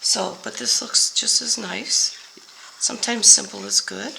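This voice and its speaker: Slow, gravelly older woman demonstrating crafts. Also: mid-range voice, fairly even intonation, noisy background. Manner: slow, step-by-step explaining while working. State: hoarse, voice going out. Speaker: papercraft demonstrator. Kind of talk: card-making tutorial.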